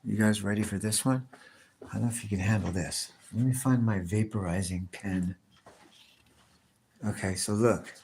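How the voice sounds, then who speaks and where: Slangy, profane man, low-pitched. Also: moderate pace, pauses often, darkish tone, a little hiss or hum. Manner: profane slangy chatter, constantly saying "dude". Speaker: livestream host. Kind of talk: casual rambling live chat.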